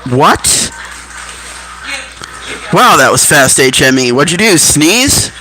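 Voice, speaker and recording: A man's voice: fairly high pitch, very animated, slow pace, rough recording. A man in his thirties telling rambling personal stories, often losing his thread. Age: 30s. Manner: digressive, loses his thread mid-story.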